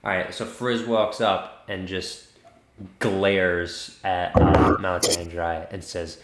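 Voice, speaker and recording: A man's voice: sits low, level tone, takes it slowly. A man running a tabletop game as game master, narrating casually with fillers and asides. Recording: echoey room with faint noise.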